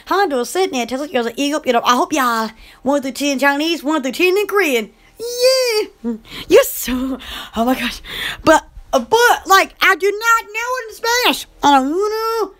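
High, excitable woman streamer. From Alabama. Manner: excitable, scattered, greets viewers. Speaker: channel host. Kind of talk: casual live-stream chat.

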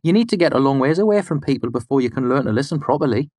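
A cheerful old hermit with a bright, rich voice and a quirky, mild way of speaking, as an audiobook narrator puts him on. The sound is dry and close, with no room around it. He talks at an ordinary middle pitch. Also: expressive, rapid-fire, dry recording, close to an everyday voice. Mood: friendly.

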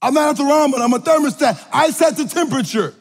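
A man with a high voice preaches to a room full of listeners, hammering his points through repetition. His delivery swings from shouted declarations to hushed asides, and the sound carries a long hall reverb. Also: fast talker. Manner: emphatic, repetitive declarations with call-and-response energy; animated, swings from loud to quiet. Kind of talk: sermon. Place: large room with audience.

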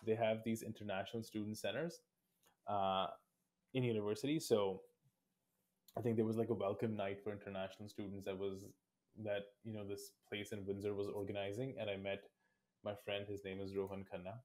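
A man's voice: lowish voice, flat delivery, fairly quick, a little mellow. A man in his twenties from India, answering interview questions in a reflective, thoughtful way. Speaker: guest. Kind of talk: casual interview.

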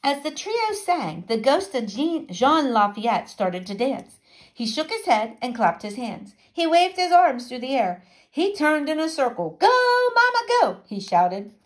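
Animated woman reading aloud to children. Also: high-pitched, unhurried. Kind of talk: children's storybook read-aloud.

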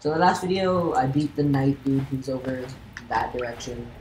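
Woman let's-play host, very deep voice, rambling and self-mocking, in a roomy room with background noise. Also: normal speed, darkish tone. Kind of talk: casual gameplay commentary.

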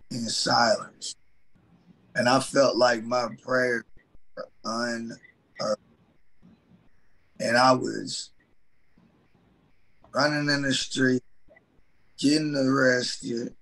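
A man sharing a personal faith testimony in an animated, folksy, self-mocking way. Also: mid-range voice, poor audio.

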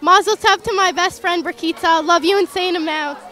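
A woman's voice: very high voice, normal speed, pushed and bright, a faint crowd. A young woman reading a heartfelt written speech to her best friend, earnest and affectionate. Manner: earnest, reads from a written note. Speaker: best friend giving a toast.

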